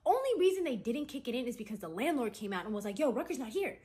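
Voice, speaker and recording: A woman's voice: on the high side, big pitch swings, quick pace, dark tone. A woman casually retelling a friend's dramatic story in a chatty, gossipy storytime. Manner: chatty, gossipy, full of "like" and "right?". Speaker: storytime content creator.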